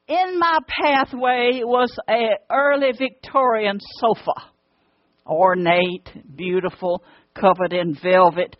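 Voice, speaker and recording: Southern woman from Alabama, slow and earnest testimony, dull dry lo-fi sound. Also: medium pitch, no echo. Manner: earnest storytelling, drawn-out pauses, fervent pleading in prayer. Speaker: speaker sharing a personal testimony. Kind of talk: emotional personal testimony.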